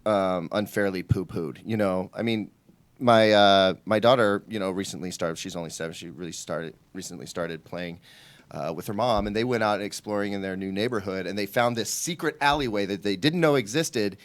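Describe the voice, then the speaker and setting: A man's voice: on the low side, moderate pace, no echo. Chatty man on a dry studio mic. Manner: chatty, rambling with many "you know"s. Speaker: tech show panelist. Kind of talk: casual round-table chat.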